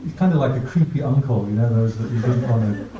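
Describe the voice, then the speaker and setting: A fast-talking man with a medium-pitched, dark voice gives a class a casual, humorous talk. He's a Buddhist monk teaching mindfulness, telling anecdotes and laughing at his own jokes. The recording sounds dull, distant and roomy.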